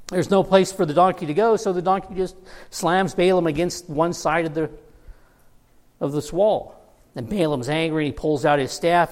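A middle-aged man preaching a sermon, telling a Bible story with humor and acting out the characters' lines. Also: on the high side. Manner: storytelling with humor, quoting characters in lively voices. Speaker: pastor. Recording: long hall reverb.

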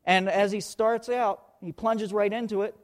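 A man's voice: sits high, fairly even intonation, moderate pace. A man preaching a sermon, who leans hard on key words, repeats them, and thinks aloud while hunting for verses.

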